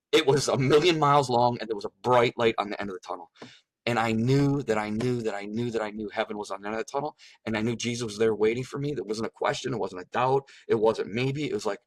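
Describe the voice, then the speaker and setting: A man's voice: medium pitch, a bit bright, no echo. A middle-aged man earnestly recounting a personal testimony, repeating phrases for emphasis. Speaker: guest sharing a testimony. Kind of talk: emotional personal storytelling.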